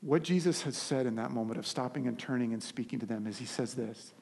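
A man preaching a sermon as a pastor, telling a story with animated energy and frequent restarts. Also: medium pitch, quick pace, vocal fry, husky.

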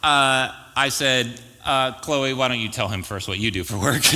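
A man's voice: medium pitch, a little slow, pushed and bright. A man in his thirties, a pastor giving a casual, joking sermon full of stories and asides. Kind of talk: conversational sermon storytelling. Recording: reverberant church hall.

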